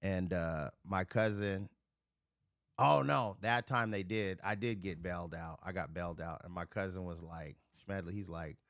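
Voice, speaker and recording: A middle-aged man hosting a livestream, telling a rough, profane story in casual chat and acting out the voices of the people in it. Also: sits low, moderate pace, fairly bright tone, no echo, clean studio sound. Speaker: livestream host.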